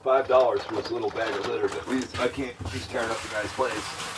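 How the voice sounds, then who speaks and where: Standing outdoors near a dumpster, a middle-aged man rambles to the camera in a casual, meandering vlog, chatty and full of grumbling asides. His voice is fairly low and steady, a bit fast, and the recording is very noisy.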